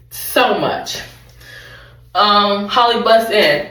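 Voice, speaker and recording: A woman's voice: lowish voice, animated, unhurried, a bit bright, recorded from a distance. Chatty rambling woman, off-mic and echoey. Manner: rambling, chatty, self-correcting, laughing asides. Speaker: vlogger recapping a TV show. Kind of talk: casual recap chat. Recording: roomy, off-mic.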